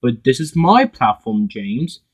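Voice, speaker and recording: A smug, stubborn little engine speaks in a slightly husky voice, as a man puts him on. He sounds self-satisfied and unbending in a homemade storybook tale. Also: mid-range voice, sing-song, unhurried, rough recording. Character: proud male tank engine, stubborn and smug.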